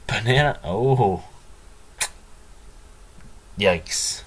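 A man's voice: low voice, slow, long pauses. A man hosting a let's play, commenting in a dry, sarcastic, self-mocking way. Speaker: gaming channel host.

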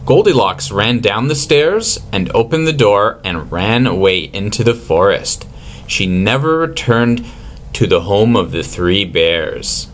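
Slow, expressive male storyteller. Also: lowish voice, slight background noise. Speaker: storyteller for children. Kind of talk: reading a story aloud.

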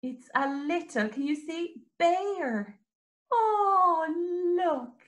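A woman teaching young children, animated and sing-song, with exclamations and little songs. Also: extremely high pitch, extremely slow. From Ireland. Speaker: early years teacher. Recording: roomy echo.

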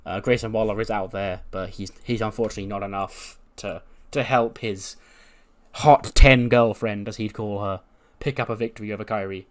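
A man narrates a wrestling simulation game in a casual, rambling way and keeps correcting himself mid-sentence. His voice sits lowish and sounds conversational. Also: steady tone, normal speed. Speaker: game commentator. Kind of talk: casual let's-play narration.

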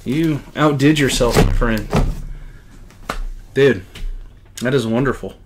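Against a noisy background, a middle-aged man unboxes comic books in easygoing chat, his medium-pitched voice moving slowly. The talkative collector keeps exclaiming his excited gratitude.

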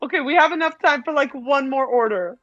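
A woman playing a co-op game who shouts urgent orders at her partner. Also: high voice, fairly quick, no room sound, dull audio, soft background music. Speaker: guest co-player. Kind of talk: casual gameplay chat.

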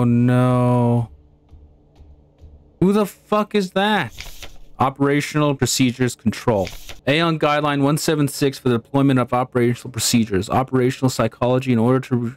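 A man playing through a horror game and chatting casually as he goes. He reads the in-game files aloud, trips over tricky words and restarts them, and swears freely. His voice sits at an ordinary, middle pitch. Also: dry recording. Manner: swears freely, stumbles and restarts on hard words while reading. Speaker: gamer. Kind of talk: casual let's-play commentary, reading in-game documents aloud.

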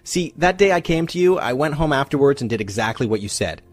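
A man's voice: mid-range voice, lively intonation, quick pace, natural voice. A man voicing a grateful young married woman, bubbly and close to happy tears, gushing in a breathless retelling.

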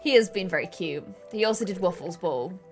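A young woman chatting casually and excitedly while playing a co-op farming game with friends. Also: fairly low pitch, fairly quick, soft background music. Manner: bubbly, excitable, giggly. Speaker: gaming streamer. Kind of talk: casual co-op gameplay chat.

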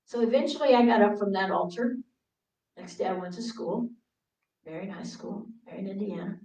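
A woman preacher delivers a sermon packed with personal stories, speaking briskly in a mid-range voice. She acts out her younger self in a raised, pleading voice and drops to hushed tones for quiet moments. The sound is roomy, picked up by a distant mic.

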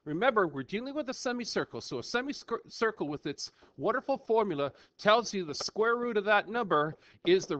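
A man's voice: high voice, no room sound. A man teaching a screen-recorded math lesson in a playful, chatty way, thinking aloud as he works through the problem. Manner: playful, animated, talks to himself while working. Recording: dull lo-fi dry recording.

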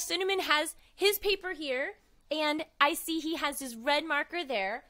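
A woman's voice: sits high, unhurried, fairly bright tone. A woman hosting a live children's music show, cheerful and talking to the kids as friends, her voice slightly froggy.

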